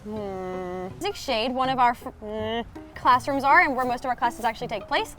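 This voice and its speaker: A woman's voice: a little high, normal speed, a bit bright, soft background music. A young woman hosting a college video, giggling and stumbling over her lines. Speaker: host. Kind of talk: casual blooper-filled hosting.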